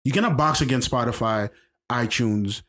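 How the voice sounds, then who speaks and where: A man's voice: medium pitch, moderate pace, a bit bright. A man co-hosting a casual podcast, talking emphatically, repeating himself and restarting sentences. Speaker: podcast co-host. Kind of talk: casual chat.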